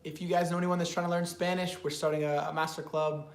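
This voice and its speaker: Upbeat male co-host, fairly high voice. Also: little pitch movement, fast. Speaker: co-host of a language lesson. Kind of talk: casual lesson chat. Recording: roomy echo.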